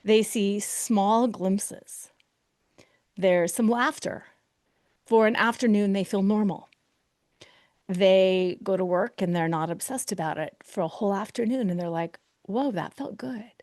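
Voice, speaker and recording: A middle-aged woman speaks straight into the mic as a coach on her own podcast. Her voice sits at a middle pitch and turns animated as she acts out the thoughts of hurt people. The sound is dry and close, with no room echo. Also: measured pace. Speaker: podcast host and betrayal recovery coach. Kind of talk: solo podcast monologue.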